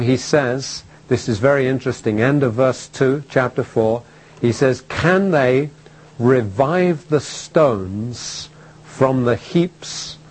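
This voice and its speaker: A male preacher delivering a sermon with a voice of ordinary, middle pitch. He speaks emphatically, leans on repetition and rhetorical questions, and pauses between phrases. A faint hiss sits under the voice. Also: rough recording.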